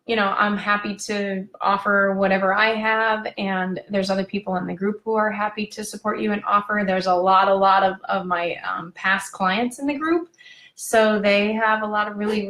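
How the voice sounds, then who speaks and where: A woman's voice: mid-range voice, flat delivery, normal speed, fairly bright tone, reverberant. A woman hosting a casual live video chat, gushing and wandering off on tangents. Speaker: parenting coach hosting a live video talk.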